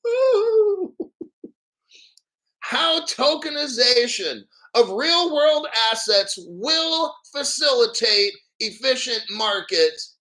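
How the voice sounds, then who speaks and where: A man hosting a livestream, talking in an excitable, profane way that breaks into shouts. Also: sits high. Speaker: livestream host. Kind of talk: excited crypto livestream chat.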